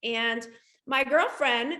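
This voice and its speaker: A woman guest telling her story in a casual interview, animated and acting out the voices of the people in it. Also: a little high, slow. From United States. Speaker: guest, shoe boutique owner. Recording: echoey room.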